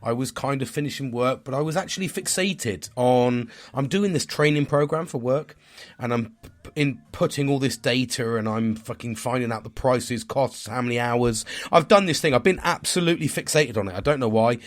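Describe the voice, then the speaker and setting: A man's voice: mid-range voice, moderate pace. A man, talking in a casual, rambling vlog monologue. He swears constantly, sounds stressed and tired, and is hard on himself. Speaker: vlogger.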